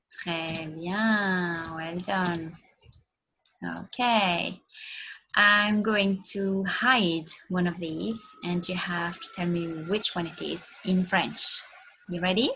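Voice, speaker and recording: A woman's voice: lowish voice, slow pace, a bit bright, breathy edge. A woman teacher giving an online lesson to young children, encouraging them and modelling words for them to repeat. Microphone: recorded for an online video lesson.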